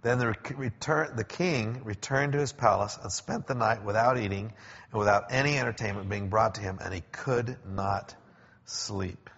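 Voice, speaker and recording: A man preaching a sermon in a conversational way, explaining with pauses and restarts, in a church. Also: on the low side, fairly bright tone, slightly rough. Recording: echoey hall, dull lo-fi sound.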